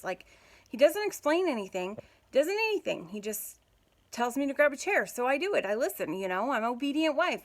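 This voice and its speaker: A woman in her thirties, a mom telling a family story in a chatty, giggly vlog style. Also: on the high side. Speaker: mom vlogger.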